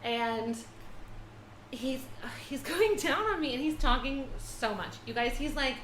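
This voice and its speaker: A woman guest on a casual podcast, telling a story with animated delivery and frequent laughter. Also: high voice, unhurried, slight background noise. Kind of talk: casual chat. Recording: roomy echo.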